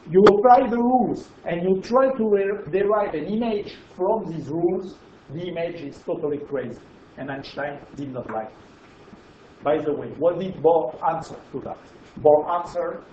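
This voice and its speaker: A man with a French accent gives a physics lecture, explaining emphatically and checking in with his audience. His voice sits high with a dark tone. The lecture hall recording is roomy and dull, with slight background noise.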